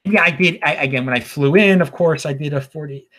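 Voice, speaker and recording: A man's voice: fairly high pitch, brisk, a bit bright. Rambling, stammering man. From Baltimore, USA. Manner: rambling, stammering with repeated words and chuckles. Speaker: show host. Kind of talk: casual solo commentary.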